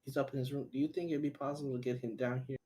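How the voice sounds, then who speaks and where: A man taking part in a tabletop role-playing game, speaking in character at an ordinary pitch. He keeps things relaxed and jokey. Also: very fast. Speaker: player.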